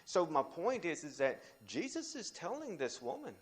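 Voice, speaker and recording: A man teaching a Bible study, talking in an animated way with restarts and sudden rises when he quotes scripture. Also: normal speed, few pauses. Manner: animated, frequent restarts, pitch jumps when quoting scripture.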